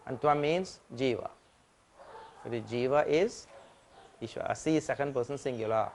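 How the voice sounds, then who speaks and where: A man giving a spiritual lecture as a swami, explaining with simple analogies and repeating key points patiently, growing louder on the important phrases. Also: mid-range voice, moderate pace, slight background noise. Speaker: swami teaching scripture.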